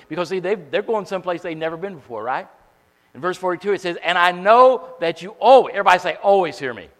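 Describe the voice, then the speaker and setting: A man preaches a sermon in a bright, high voice, calling on the congregation to repeat his words. He drops to quiet asides, then climbs to ringing shouts. His voice rings out with a long reverb, as in a church sanctuary. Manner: call-and-response preaching, swings from quiet to shouting. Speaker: pastor.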